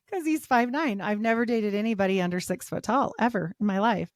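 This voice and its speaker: A woman in her forties talking as a podcast guest, with a mid-range voice for a woman. She tells her story with lots of laughter and a steady stream of "like". The recording is close and dry, with no room sound. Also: mid-range voice, moderate pace, no room sound. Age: 40s. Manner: animated, laughs often, many "like" fillers. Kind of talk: casual storytelling.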